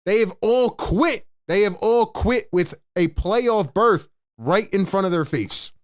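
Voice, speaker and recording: A young man hosts a live postgame stream, his voice sitting a little high. He rants with exasperation, hammering points home by saying them twice. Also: lively intonation, slow pace, clean tone. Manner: exasperated, emphatic, repeats lines for effect. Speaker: sports show host.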